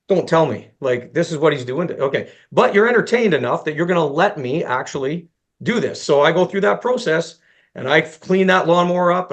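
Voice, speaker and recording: A male golf instructor speaks in a slightly high voice with a gravelly edge. His talk is loose and conversational. He tells a self-deprecating story, plays out both sides of the dialogue, and often stumbles into restarts. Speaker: golf instructor presenting to fellow teachers. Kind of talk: conversational presentation with an extended story.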